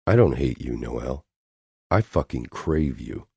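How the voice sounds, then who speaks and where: A man voicing a hard, brooding male agent in an audiobook, blunt and needling in a low, controlled voice. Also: animated, a little slow, gravelly, a little mellow, husky, dry recording, clean studio sound, heavily acted. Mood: low intense.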